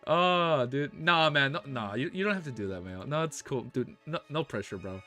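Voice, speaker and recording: An American man streaming, who reads a novel aloud and breaks off for laid-back, excitable chat full of slang. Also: medium pitch, moderate pace, soft background music. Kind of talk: reading a novel aloud on a livestream, casual chat.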